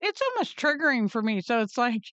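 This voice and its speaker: A woman co-hosting a podcast, chatting casually and excitedly about reality TV and often trailing off mid-sentence. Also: fairly high pitch, brisk, no echo, highs cut off. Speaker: podcast co-host. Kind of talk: casual chat recapping reality TV.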